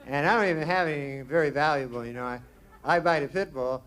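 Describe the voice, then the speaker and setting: A young man from Canada doing a stand-up set in a small comedy club, with a dry deadpan delivery and drawled asides. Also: on the high side, fast. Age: young adult. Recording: noisy club recording with crowd. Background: audience laughter.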